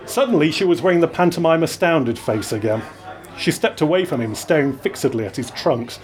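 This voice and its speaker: Wry man narrating with lively pitch. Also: brisk. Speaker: reader. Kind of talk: live reading of his own story.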